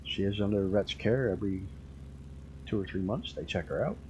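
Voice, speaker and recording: A man's voice: lowish voice, brisk, a little mellow, muffled recording, a little hiss or hum. A man streaming a flight game, chatting casually and rambling through stories with the odd swear word. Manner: laid-back rambling storyteller, swears casually.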